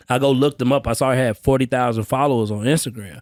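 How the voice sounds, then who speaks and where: A man, a sales trainer guest on a podcast, telling stories casually and slangily, acting out quotes with big jumps up in pitch. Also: fast, few pauses, darkish tone, no room sound, clean studio sound. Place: indoor training space, live session.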